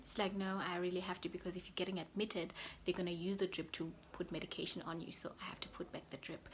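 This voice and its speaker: A young woman with a lowish voice tells her story straight to her viewers in a loose, chatty way. She often sinks into a soft whisper mid-sentence. A faint hiss sits under the recording. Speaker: vlogger. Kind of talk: casual storytelling to camera.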